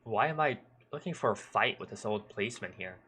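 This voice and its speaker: A man with a bright, sharp timbre reads a story aloud in measured first-person narration. He now and then stumbles and corrects himself. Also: lowish voice, expressive, husky. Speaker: streamer. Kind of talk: reading a visual novel aloud.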